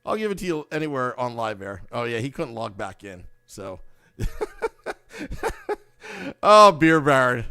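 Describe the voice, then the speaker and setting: A man's voice: mid-range voice, sing-song, normal speed, hardly any pauses, bright, forceful tone, clear, resonant tone, no echo, studio quality. A man hosting a live hockey podcast, upbeat and hyping positivity while reading viewer comments aloud. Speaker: podcast host.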